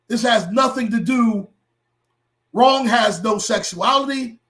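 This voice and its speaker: High-voiced impassioned man hosting a livestream. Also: slow. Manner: impassioned, blunt and profane, rising to shouts. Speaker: livestream host. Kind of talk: livestream commentary to chat.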